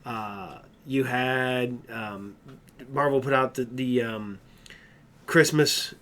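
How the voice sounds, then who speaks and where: A man's voice: mid-range voice, slow, fairly bright tone. Man, podcast co-host, casual chat, rambling, fillers. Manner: rambling, many fillers and restarts.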